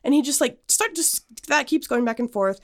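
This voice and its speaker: A young woman with a high-pitched voice co-hosts a podcast, telling a personal story at a moderate pace. The casual, animated storytelling is full of fillers and restarts.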